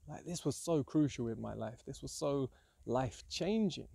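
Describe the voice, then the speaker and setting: A man's voice: mid-range voice, expressive, normal speed, creaky, warm tone, breathy edge, no echo. A man talking earnestly in a rambling, reflective monologue, often saying "yeah" and "like". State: hungry, about 60 hours into a fast. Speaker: vlogger sharing fasting tips.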